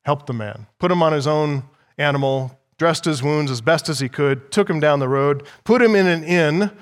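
A man with a somewhat high voice preaches an expository sermon from the pulpit. He speaks in a measured, emphatic way, repeating key phrases and putting rhetorical questions to the congregation. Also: clean tone, long reverb tail. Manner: teaching, asks the listeners rhetorical questions. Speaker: pastor.

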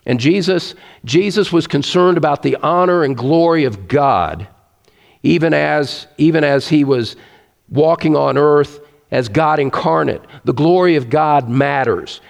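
A man's voice: fairly high pitch, creaky, big-room sound. A man preaching a sermon, earnest and emphatic, repeating his key points.

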